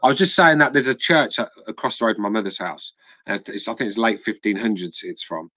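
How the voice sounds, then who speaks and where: A man's voice: on the low side, fast talker, sharp tone, dry recording, poor audio. A man with an English accent, chatting and telling stories on a casual podcast, swearing freely. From England. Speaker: podcast co-host.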